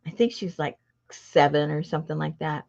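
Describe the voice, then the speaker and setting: In a low, creaky voice at normal speed, a middle-aged host tells a story to a casual chat audience. She's chatty and animated in the retelling and laughs often, though the lo-fi recording sounds dull.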